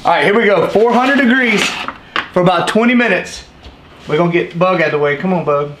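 A man's voice: a little high, fast talker, fairly bright tone, slight background noise. A middle-aged man, hosting a cooking vlog in a home kitchen and talking straight to viewers in a folksy, upbeat way. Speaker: fishing channel host. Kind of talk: casual cooking vlog talk.

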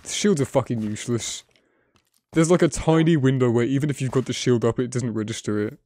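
Excitable, sweary young man gaming. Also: mid-range voice, brisk, no room sound. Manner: excitable, swears a lot, talks to his animals. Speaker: gaming video creator. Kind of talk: casual gameplay commentary. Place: home editing room.

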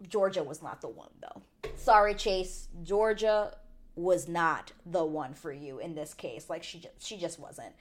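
A chatty woman with a somewhat low-pitched voice recaps a reality show with loud opinions. She talks casually, packs in fillers, and jumps high when she gets indignant. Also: a little slow, a little hiss or hum. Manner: rises to high indignant exclamations. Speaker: TV recap vlogger.

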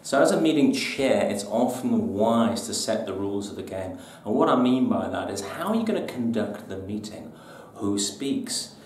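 A man's voice: on the low side, expressive, normal speed, darkish tone, slight background noise. A man presenting business tips to camera in an emphatic, punchy, colloquial way. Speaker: business trainer. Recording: echoey room, mic at a distance.

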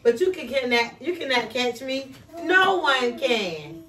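A woman voicing a cheeky runaway gingerbread boy in a high, taunting singsong chant, read from a storybook. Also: big pitch swings, a little slow, a crowd in the background. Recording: echoey room, distant mic.

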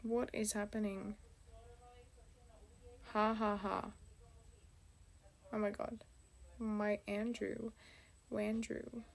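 A woman's voice: mid-range voice, level tone, extremely slow, gravelly, long pauses. A woman YouTuber in a storytime vlog, reacting dramatically with exclamations and sudden whispers.

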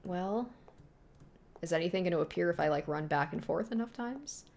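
A woman's voice: on the low side, animated, normal speed, darkish tone. A woman streaming a horror game, reacting with sudden jumps and reading the on-screen text aloud to herself. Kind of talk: live gameplay commentary.

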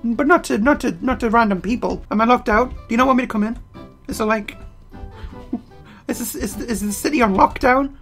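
A man giving casual game commentary while playing, excitable and prone to loud outbursts, his throat getting strained. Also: extremely high pitch, normal speed, soft background music. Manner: excitable, bursts into loud yelling. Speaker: let's play gamer.

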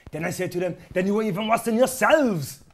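A man's voice: sits high, brisk, creaky. A man playing a boastful middle-aged action-film star guest with a put-on accent who keeps repeating his catchphrase, in a student comedy sketch.

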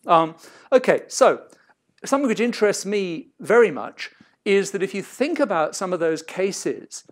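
A man's voice: high-pitched, sing-song, moderate pace. A middle-aged man giving an academic seminar talk, discursive and hedged, often breaking off mid-sentence to restart. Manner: discursive, self-interrupting, hedged. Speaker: seminar lecturer.

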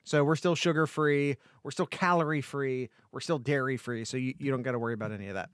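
A man's voice: mid-range voice, fast, no echo, clean studio sound. A man co-hosting a casual sports podcast, reading an ad in a jokey, rambling way. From Ohio. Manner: jokey, rambling ad read with restarts. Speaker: podcast co-host.

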